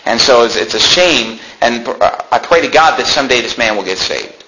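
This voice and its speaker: A man at medium pitch and normal speed preaches against a noisy background. He reads Bible passages in King James wording and tells stories with animation, voicing the people he talked to.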